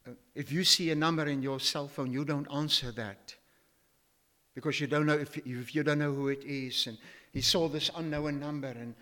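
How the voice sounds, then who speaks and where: A man's voice: a little high, steady tone, normal speed, bright, forceful tone, in a large hall. An older man preaching a sermon in a church, emphatic and full of rhetorical questions as he quotes scripture. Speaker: pastor.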